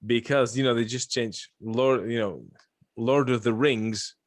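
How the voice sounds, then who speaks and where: A man's voice: mid-range voice, fairly even intonation, a little slow. A man from Lithuania hosting a podcast, chatting casually and joking, rambling with frequent restarts. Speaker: podcast host. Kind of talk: casual chat.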